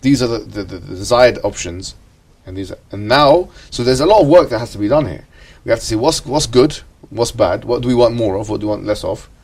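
A man leads an ethics lesson in a classroom with a somewhat low voice. He talks in questions, repeats himself and checks in with the students as he goes. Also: a little fast, few pauses, darkish tone, breathy edge, recorded from a distance. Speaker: teacher.

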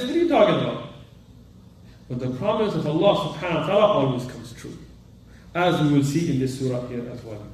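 Man, Arabic and Quran teacher, high lively voice, very echoey room, mic far away. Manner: animated, quizzes students, mixes Arabic terms into English. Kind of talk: classroom lesson on Quran commentary.

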